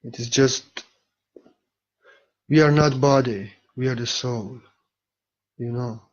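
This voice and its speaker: A man speaks in a slow, unhurried spiritual talk, soft and reflective with halting pauses. His pitch sits in an ordinary middle range, and the recording sounds dull and lo-fi. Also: steady tone.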